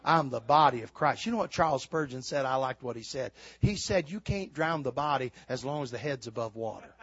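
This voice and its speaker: An older man preaching a sermon, swinging from shouted exhortation to quiet, folksy storytelling. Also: mid-range voice, expressive, brisk, breathy edge, dry recording, lo-fi sound. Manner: fiery preaching, builds to shouts then drops to quiet storytelling.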